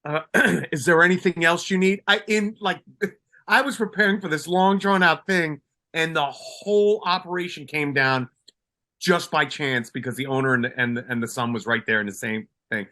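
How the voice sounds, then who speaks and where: A man's voice: fairly high pitch, normal speed, bright, forceful tone. A retired police sergeant from Colombia, a man, telling a story in a casual interview, with many restarts and fillers.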